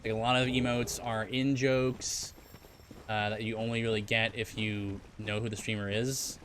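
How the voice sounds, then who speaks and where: A man's voice: lowish voice, level tone, moderate pace, fairly bright tone. Rambling male game streamer, faint hiss. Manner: rambling, chatty, with restarts and asides to chat. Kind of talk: casual gameplay commentary.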